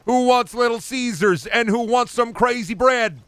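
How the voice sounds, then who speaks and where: A man voicing a pushy male retail manager in a squealing, mock-cheerful, bossy way, crudely and loudly. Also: very high voice, moderate pace, smooth, dry recording, voice pushed up.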